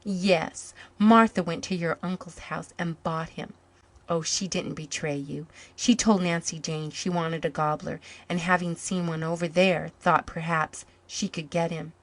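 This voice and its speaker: A tender, motherly storybook lady with a soft, wistful way of speaking, as a woman reader gives her voice. The voice sits a little low and gentle. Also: fairly even intonation, unhurried.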